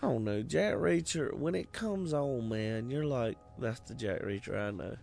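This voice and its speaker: A man's voice: medium pitch, expressive, moderate pace, vocal fry, darkish tone, slight background noise. A man in casual movie chat, rambling and profane, slipping into goofy voices as he retells scenes.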